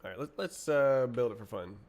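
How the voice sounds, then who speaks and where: A man streaming himself writing code, muttering to himself, puzzled and halting, with keyboard typing behind him. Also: medium pitch, expressive, darkish tone. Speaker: streamer coding live. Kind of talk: casual livestream coding chat.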